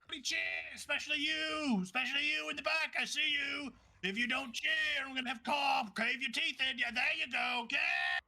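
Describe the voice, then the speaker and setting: A man's voice: very high voice, steady tone, fairly quick, creaky, hardly any pauses, pushed and bright, shouting, pitched above the performer's own voice, heavily acted. A man doing a bellowing brash ring announcer. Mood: hyped. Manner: bellowing, taunting the crowd. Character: loud, brash male fight-ring announcer.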